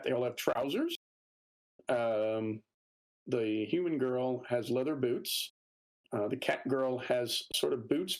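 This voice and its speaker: A man's voice: mid-range voice, rough recording. A man narrating as game master of a tabletop game, describing scenes at length with frequent fillers.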